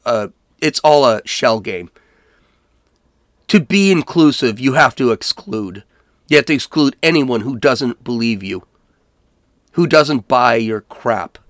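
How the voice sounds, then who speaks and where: A man's voice: fairly high pitch, fairly bright tone, no room sound, clean studio sound. A man hosting his own political podcast, talking alone in a heated, emphatic rant that circles back on its words. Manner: heated, emphatic ranting with repetitions. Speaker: podcast host. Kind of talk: solo political podcast monologue.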